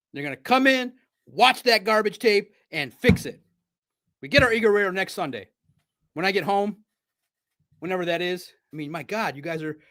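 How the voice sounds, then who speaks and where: A man hosting a live sports stream, talking in an excitable, rambling, chatty way from a home studio. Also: high-pitched.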